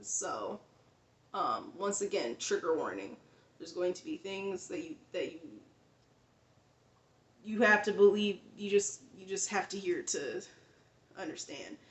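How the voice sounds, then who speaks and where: A woman's voice: on the low side, lively intonation, measured pace, pauses often, roomy sound. A woman vlogger telling a personal story in a casual, rambling way, full of fillers, restarts and frequent laughs.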